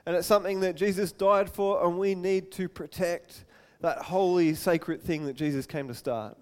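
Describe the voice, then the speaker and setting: Chatty, animated high-voiced preacher man. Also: smooth. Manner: chatty and animated, self-deprecating humour, quick asides. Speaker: pastor. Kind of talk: sermon.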